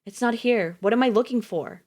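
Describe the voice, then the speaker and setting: A woman voices a frantic young man pleading in a raised, breaking voice, sounding panicked. Her delivery is fairly quick and fairly high-pitched, a little mellow, set above her own natural voice yet close to an everyday tone.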